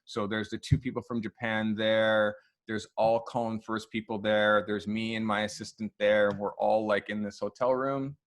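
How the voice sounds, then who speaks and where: A man, a photographer, telling long stories in a relaxed interview, full of fillers like "um" and "like". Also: lowish voice, normal speed, few pauses. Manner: loose, animated storyteller who acts out quoted people; frequent fillers like "um" and "like". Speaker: photographer guest. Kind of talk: storytelling in a podcast interview.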